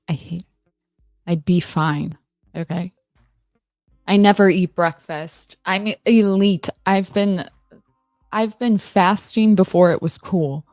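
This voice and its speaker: Woman streamer, laid-back and self-mocking; lower voice, dry close sound. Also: slow, long pauses, no room sound, faint music behind. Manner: rambling, relaxed, self-mocking, answers chat. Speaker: live stream host. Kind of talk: casual live-stream chat.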